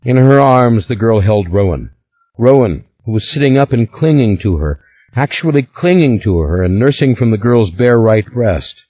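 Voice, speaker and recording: A man narrating an audiobook in a measured, dramatic way. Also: mid-range voice, expressive, mellow, dull audio. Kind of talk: scripted narration.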